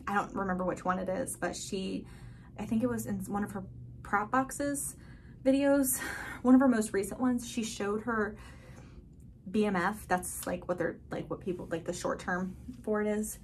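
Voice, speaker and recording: A woman giving a casual, chatty tour of her houseplants, gushing and excited, full of filler words. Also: medium pitch, normal speed, a little hiss or hum. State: a bit out of breath. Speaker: plant vlogger. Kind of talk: casual plant tour vlog. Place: indoors at a grow tent.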